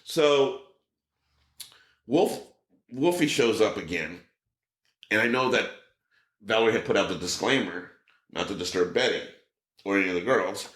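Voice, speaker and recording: A man's voice: fairly low pitch, animated, measured pace, pauses often, fairly bright tone. A man telling stories as a podcast guest. He acts out other people's lines and swears casually. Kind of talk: casual storytelling. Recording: roomy echo.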